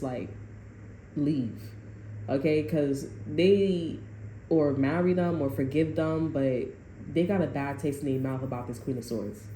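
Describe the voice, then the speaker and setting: A woman giving a casual, animated tarot reading, full of profanity and asides to her viewers. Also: low voice. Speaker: tarot reader. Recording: echoey room, faint noise.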